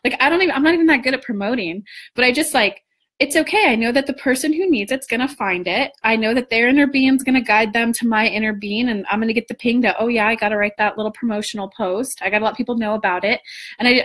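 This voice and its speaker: A young woman coaching on manifesting, chatting casually in a live stream, animated with lots of restarts and the odd swear. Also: a little high, fast talker. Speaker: law of attraction coach.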